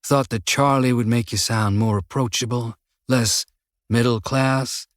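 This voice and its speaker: A man voicing a menacing male prisoner with a Texan drawl, slightly nasal, talking slowly and mockingly. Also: mid-range voice, fairly even intonation, no room sound, clean studio sound, lightly acted. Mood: taunting. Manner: slow, taunting, mocking. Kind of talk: audiobook character voice.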